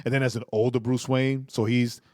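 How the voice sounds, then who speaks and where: A man co-hosting a podcast in casual chat, animated, laughing often and repeating himself. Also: mid-range voice, a little fast, dry recording, clean studio sound. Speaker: podcast co-host.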